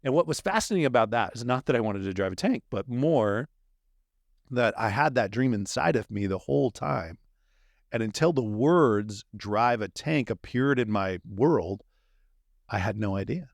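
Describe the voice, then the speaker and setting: A man talks as a guest on a podcast, explaining with energy and slipping into quick acted-out exchanges. His voice sits in a middle register. The room sounds dry and close. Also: medium pitch, creaky, no echo. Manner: animated explainer, acts out little quoted exchanges. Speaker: dream manager guest. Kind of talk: podcast conversation.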